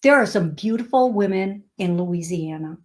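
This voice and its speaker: A woman's voice: medium pitch, animated, normal speed. A woman hosting a radio show as a psychic medium, telling stories in a chatty, laughing way. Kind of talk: casual chat. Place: radio studio.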